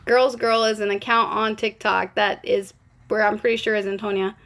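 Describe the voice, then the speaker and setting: A woman's voice: medium pitch, little pitch movement, normal speed, fairly bright tone. A young woman hosting a casual live stream, gossiping and speculating in a playful, cheeky way while answering comments from viewers. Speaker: livestream host.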